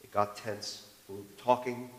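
A man preaching a sermon on marriage, animated, moving between loud emphasis and hushed tones. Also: medium pitch, moderate pace. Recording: long reverb of a large hall.

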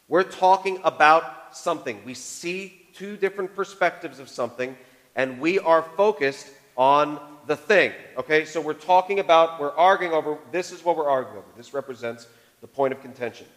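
A man preaching a sermon on marriage, animated, moving between loud emphasis and hushed tones. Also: fairly high pitch. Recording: long reverb of a large hall.

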